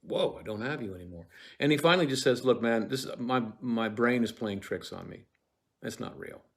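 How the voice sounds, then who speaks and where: Man, lecturer, low voice, slow unhurried delivery, casual and salty, fillers and restarts. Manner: drops to a whisper when reciting verse, then lively retelling. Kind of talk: casual lecture on a play with recited lines.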